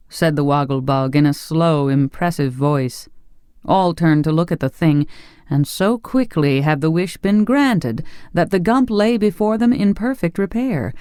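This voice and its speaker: An audiobook narrator reading a fantasy tale in an expressive storytelling manner. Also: medium pitch, a little slow, clean tone, dry recording, studio quality. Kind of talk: scripted narration.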